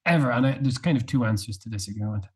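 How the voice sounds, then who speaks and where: A man co-hosting a casual podcast chat, setting quiz questions in a measured, wry way. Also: mid-range voice, a little mellow, husky. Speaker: podcast co-host.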